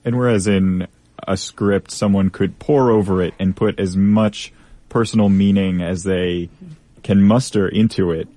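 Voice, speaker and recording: A young man hosting a college radio show, talking in a measured, thoughtful way. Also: low voice, steady tone, dark tone, no room sound. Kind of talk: casual radio chat.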